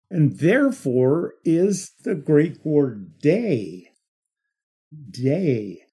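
Slow, husky-voiced male Bible teacher. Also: fairly high pitch, mellow. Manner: slow, deliberate, stresses key words by repeating them.

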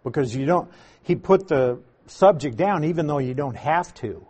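A man teaching a Bible passage verse by verse, slowly and deliberately, stressing key words as he explains grammar. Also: fairly high pitch, expressive, darkish tone, breathy edge.

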